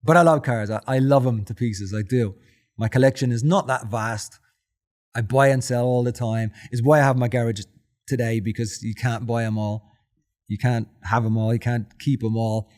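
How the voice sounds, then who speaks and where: A man's voice: medium pitch, moderate pace. A man in his forties with a Dublin Irish accent sits as a guest in a casual interview. His voice is in the middle range for a man, and he tells his stories with feeling. He slips into his own quoted lines as he talks. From Ireland. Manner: emotional, animated storyteller who acts out his own quotes. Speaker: podcast guest.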